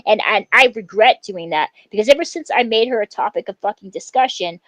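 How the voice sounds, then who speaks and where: A woman's voice: mid-range voice, a little fast, fairly bright tone, no room sound, low-quality recording. A woman livestreamer ranting angrily at a rival. She swears often and stumbles through fillers and restarts. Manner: heated, profane, with many fillers and restarts. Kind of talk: angry livestream rant at a rival.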